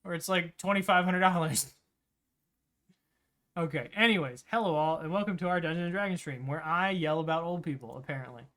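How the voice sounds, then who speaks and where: A man hosting a tabletop game stream, ranting loudly and swearing in casual talk. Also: fairly high pitch, brisk. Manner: ranting, profane, rambling. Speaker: game master and stream host. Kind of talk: loud casual stream chat.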